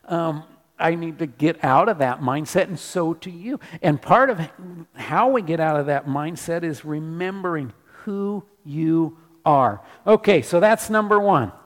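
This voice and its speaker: A man preaching a sermon as pastor in a church, animated, repeating his declarations. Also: on the high side, a little slow, in a large hall.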